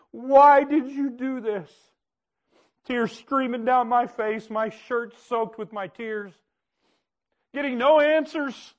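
A man preaching, telling a personal story in an earnest way that swings from hushed to loud. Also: extremely high pitch, muffled recording. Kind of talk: personal testimony sermon.

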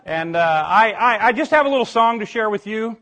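A man's voice: sits high, lively intonation, brisk, sharp tone. An older man preaching in a playful, folksy way, often restarting his words and sometimes singing a spelled-out song. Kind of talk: playful sermon with sung spelling songs.

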